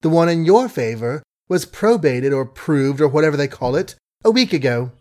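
A man reading an audiobook, voicing a proud, quick-tongued young woman in a raised voice with brisk, emphatic delivery. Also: a little high, lively intonation, a little mellow, pitched above the performer's own voice, natural voice. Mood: exasperated.

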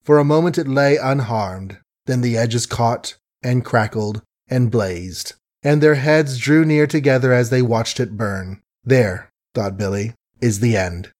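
A man's voice: mid-range voice, lively intonation, unhurried, darkish tone. Man reading a novel aloud. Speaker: audiobook narrator. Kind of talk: scripted narration.

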